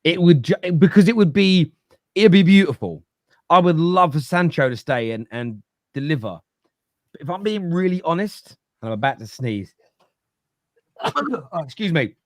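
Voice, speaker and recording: A man's voice: fairly high pitch, dry recording. A man debating football on a fan podcast, opinionated, reading out viewer comments and rebutting them. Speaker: football podcast panelist, fan of his club.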